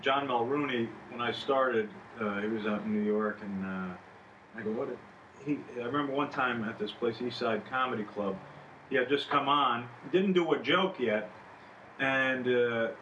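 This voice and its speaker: A man's voice: mid-range voice, measured pace, a bit bright, muffled recording, a little hiss or hum. A man, a stand-up comedian, reminiscing in a casual chat, with hesitant fillers. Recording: echoey room, mic at a distance.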